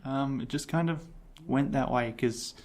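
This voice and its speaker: A man's voice: medium pitch, a little slow, darkish tone. A man co-hosting a podcast, reading a book aloud and chatting with laughs. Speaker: podcast co-host. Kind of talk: casual chat and reading aloud.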